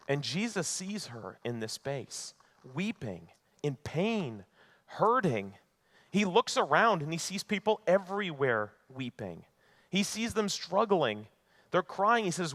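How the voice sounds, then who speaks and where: A male pastor preaching a sermon in an earnest way, moving between emphatic lines and hushed ones. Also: a little high, lively intonation, a little slow.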